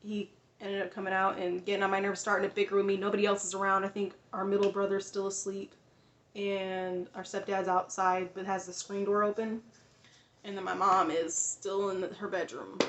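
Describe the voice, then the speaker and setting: A woman's voice: medium pitch, slight background noise. Rambling woman vlogger in an echoey room. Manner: rambling, with many fillers and restarts, laughs often. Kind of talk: casual storytelling.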